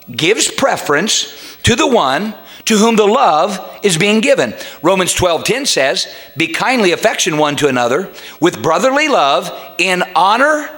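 Lively, high-pitched preaching man. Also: normal speed. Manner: emphatic preaching, rising to shouts. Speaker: pastor. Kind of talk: sermon.

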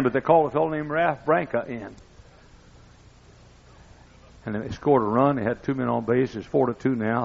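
An older man preaching a sermon, telling folksy stories that build up to excited shouting. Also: medium pitch, creaky, slightly rough. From East Texas. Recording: dull lo-fi recording.

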